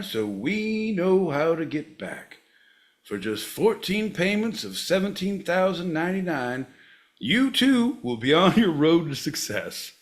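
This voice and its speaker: A man co-hosting a comedy podcast, theatrical and mock-solemn, slipping into mock-infomercial patter. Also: a little high. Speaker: podcast co-host.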